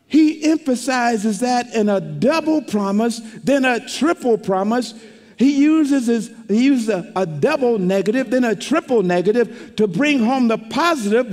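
A man's voice: high-pitched, sing-song, measured pace, darkish tone. A male pastor preaching a sermon with emphasis, often repeating words as he builds each point. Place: church sanctuary. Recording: long reverb of a church hall.

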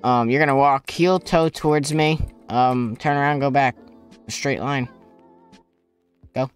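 A man's voice: medium pitch, steady tone, measured pace, soft background music. Exasperated man giving firm police orders. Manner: exasperated, firm, bossy commands. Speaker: police officer player, channel host. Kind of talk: voice chat role-play.

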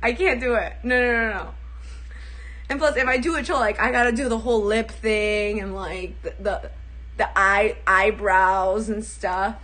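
A woman's voice: mid-range voice, fairly even intonation, moderate pace, a bit bright. A young woman livestreaming casually, chatty, giggly and self-deprecating.

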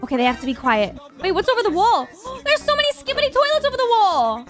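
Very high-voiced, gasping woman reactor. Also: big pitch swings, quick pace, a bit bright. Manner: gasping, emotional exclamations. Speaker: reaction video host. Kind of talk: reacting to animations. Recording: music playing clearly underneath.

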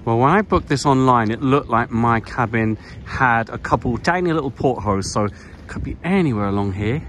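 A man's voice: medium pitch, lively intonation, brisk, fairly bright tone, faint music behind. A man hosting a casual travel vlog, chatty and enthusiastic, often dropping to a whisper. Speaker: travel vlogger. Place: walking outdoors and aboard a moored ship.

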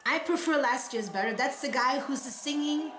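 A woman with German as her first language, reacting live and excitedly, often laughing and gushing. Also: high-pitched, moderate pace, a little hiss or hum. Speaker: reaction vlogger. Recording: echoey room with broadcast crowd behind. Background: crowd from broadcast playing.

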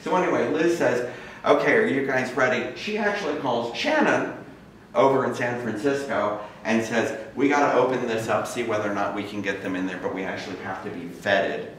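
Speaking briskly in a medium-pitched, slightly bright voice, this male guest speaker relates his own story to an audience with a relaxed, conversational feel, performing the voices of those he quotes. It's recorded in a large campus lecture room with heavy echo, distant mic placement, and faint background noise.

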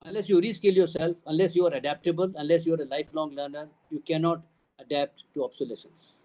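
Older Indian English man, high voice, speaking emphatically to parents at a town hall, stacking points in repeated phrases. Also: fairly even intonation, quick pace, mellow. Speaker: school trust CEO addressing parents.

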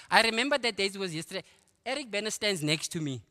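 A middle-aged South African man giving his testimony at a church men's conference, telling his story in a lively way with quick asides. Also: high-pitched. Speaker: guest speaker giving testimony. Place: church auditorium. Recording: long hall reverb.

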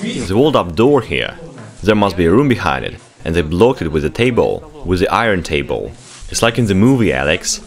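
Excitable man with a lively, swinging pitch. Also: fairly quick. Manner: exclamatory, urgent, bossy when hurrying others. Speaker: vlog host exploring. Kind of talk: excited running commentary while exploring. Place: abandoned underground laboratory, indoors.

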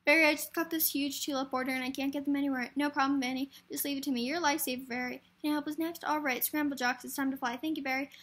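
Woman, script reading for a variety show, high-pitched, quick, stumbling restarts. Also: steady tone, fairly bright tone.

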